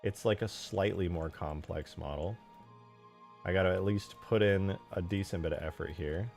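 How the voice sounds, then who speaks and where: A man streaming as he builds a game mod, chatting casually while he works. He mutters quietly as he models, then bursts out loudly to thank viewers. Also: deep voice, normal speed, creaky, soft background music.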